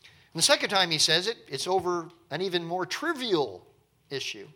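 A male pastor preaching at an evening church service. His voice sits a little high and rings bright, and he keeps the sermon conversational and animated, with dry, wry asides along the way. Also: normal speed.

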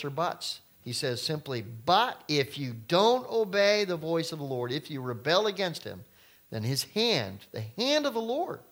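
Man, pastor, middle-aged, sermon, casual preaching tone, sudden loud emphasis. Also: mid-range voice, creaky.

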